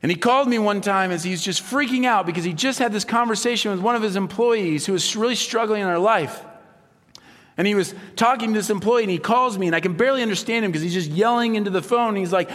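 A man preaching a sermon as a pastor, telling stories with animated delivery and acting out the voices of the people he quotes. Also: high-pitched, fairly quick. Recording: long hall reverb.

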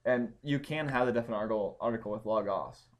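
A man teaching a Bible study class, explaining points step by step and pausing to check that his students follow. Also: fairly low pitch. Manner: explanatory, checks understanding with questions.

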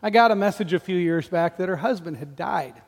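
Pastor, man, 40s, high voice, animated self-deprecating storyteller, echoey church hall. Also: brisk. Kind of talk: sermon.

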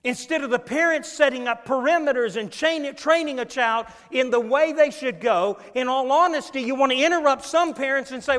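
A male preacher delivering an emphatic sermon, rising to loud peaks and dropping low again. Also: normal speed, few pauses. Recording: long echo in a large hall.

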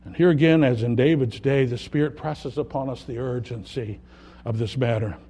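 A man preaching a sermon, earnest, rising loud on key words and dropping soft at the ends of thoughts. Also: mid-range voice, steady tone, moderate pace, a little hiss or hum. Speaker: pastor.

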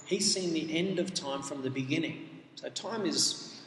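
A man's voice: a little high, a little slow, a bit bright. A man preaching a sermon, earnest and emphatic, reading scripture aloud and explaining it. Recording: echoey hall with faint noise.

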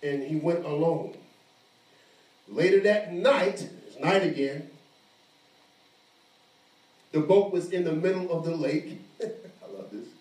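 A man preaching an animated sermon, acting out the voices of the people in his story. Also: on the high side, slow pace, pauses often. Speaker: pastor. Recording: echoey room, mic at a distance.

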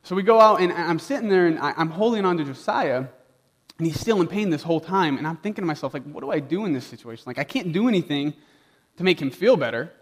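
A young male pastor tells a personal story as a sermon, speaking casually with lots of "like" and acted-out dialogue. His voice sits a little higher than most men's. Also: expressive, quick pace.

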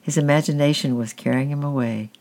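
Calm guy narrating a storybook, gravelly voice. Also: on the high side, brisk. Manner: calm, steady reading.

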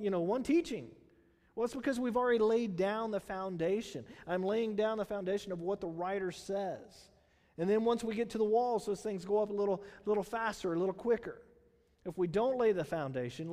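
A man preaches to his congregation in a loose, chatty way, throwing out rhetorical questions and leaning on fillers as he goes. His voice sits high for a man. The sound trails off into the long reverb of a large hall. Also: a little mellow. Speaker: pastor. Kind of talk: sermon.

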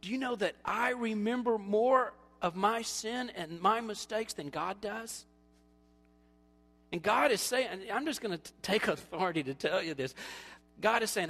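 A male pastor preaching a sermon, animated and storytelling, acting out quoted voices, then dropping to quiet appeals. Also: high-pitched, moderate pace, gravelly, big-room sound, soft background music.

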